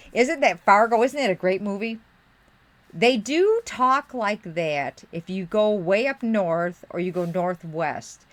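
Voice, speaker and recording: A middle-aged woman from Western New York, her accent tinged with the Midwest, chatting casually with her live-stream viewers while crafting, rambling and muttering as she searches. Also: fairly low pitch. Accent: Western New York with Midwestern touches.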